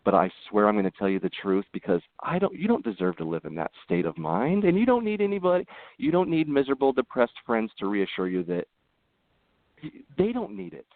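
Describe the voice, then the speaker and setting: A man who is a podcast guest, talking earnestly in casual conversation and telling animated stories with frequent restarts. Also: mid-range voice, brisk, no echo. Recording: tinny phone-like line.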